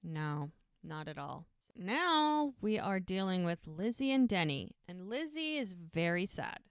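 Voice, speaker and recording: A woman's voice: lowish voice, big pitch swings, measured pace, clear, resonant tone, no echo, studio quality. A woman co-hosting a podcast, animatedly retelling scenes in casual chat full of "she's like" asides. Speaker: podcast co-host. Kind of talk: casual episode recap chat.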